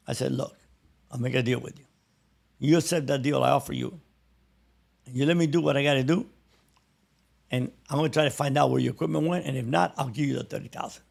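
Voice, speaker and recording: Cuban-American man in his sixties, gravelly voice, a lively storyteller who acts out each character. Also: medium pitch, fairly quick, pauses often. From Cuba. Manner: animated, acts out the other people in his stories. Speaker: guest telling his life story. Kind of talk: casual storytelling.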